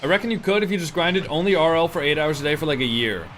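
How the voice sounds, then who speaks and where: A young male streamer, worn out and yawning, calls the action in a loose, sweary way and chats to his viewers between plays. His voice sits a little high for a man. Faint music plays underneath. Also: fast, a bit bright. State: tired, yawning. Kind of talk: casual stream commentary.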